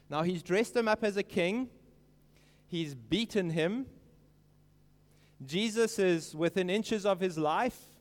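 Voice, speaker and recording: A man preaching an earnest sermon, stressing quoted lines slowly and emphatically. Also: high voice, animated, big-room sound.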